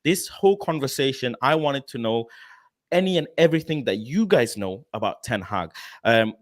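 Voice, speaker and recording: A man's voice: medium pitch, normal speed. Chatty male talk-show host. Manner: chatty, laughing, animated questions. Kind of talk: live fan talk show.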